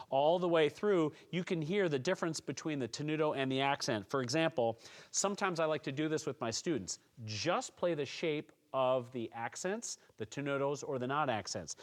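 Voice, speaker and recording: A man giving a calm, encouraging music lesson, explaining percussion technique step by step to students. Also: fairly high pitch. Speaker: music teacher. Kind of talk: instructional tutorial.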